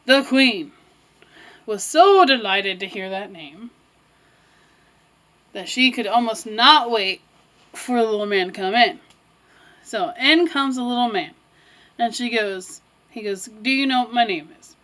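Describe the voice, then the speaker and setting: A woman's voice: fairly high pitch, expressive, takes it slowly, pauses often, fairly bright tone, rough recording. Chatty woman retelling a fairy tale. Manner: chatty, laughing asides, informal retelling. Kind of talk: casual storytelling with puppets.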